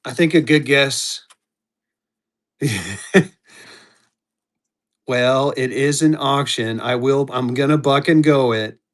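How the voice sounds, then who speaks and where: Speaking slowly and pausing often, a medium-pitched man hosts a live-stream auction. He rambles in a casual, chatty manner, restarts himself, and talks right to his viewers by name.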